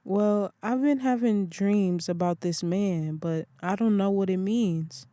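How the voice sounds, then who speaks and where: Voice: mid-range voice, slow pace, dark tone, dry recording, lightly acted. A reader voicing an earnest young woman in an audiobook who asks questions with eager feeling. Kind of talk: audiobook character voice.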